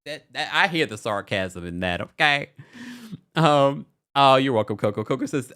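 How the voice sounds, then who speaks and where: A man hosts a live recap show, chatting playfully and animatedly as he reads viewer comments aloud. His voice is medium-pitched, his pace normal, in a casual livestream setting.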